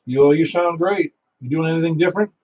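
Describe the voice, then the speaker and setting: With a fairly quick delivery and a voice on the high side, the Niagara Falls, New York net control operator chats his way through an amateur radio net. He spins stories and laughs easily over muffled, lo-fi radio.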